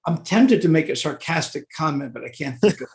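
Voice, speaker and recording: An older man giving a devotional scripture class, genial and halting, with many fillers and restarts. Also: on the high side, animated. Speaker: class speaker.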